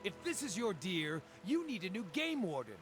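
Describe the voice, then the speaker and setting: An actor playing a cheerful, well-spoken wandering druid in a fantasy game, lively and hearty. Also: male voice, sits high, moderate pace, faint music behind, full character voice. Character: cheerful wandering druid man, eats raw meat. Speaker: game companion character.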